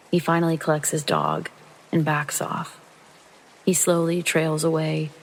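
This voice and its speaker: A narrator reading a true scary story aloud in calm, steady first person, meant for sleep listening. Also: medium pitch, gravelly, slightly rough, low-quality recording. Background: rain sounds.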